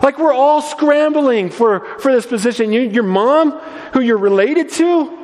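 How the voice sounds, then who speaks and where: A man's voice: very high voice, lively intonation, a little slow, darkish tone, in a large hall, voice pushed up. A man voicing a group of eager, squabbling young male disciples who talk in whiny, casual modern slang. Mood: indignant.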